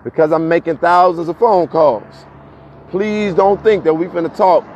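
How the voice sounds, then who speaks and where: A man hosting a casual live stream to his viewers, talking in while walking uphill, a bit out of breath, animated, repeating himself and laughing often. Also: fairly high pitch, normal speed. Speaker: livestream host. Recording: dull lo-fi phone audio with faint street noise.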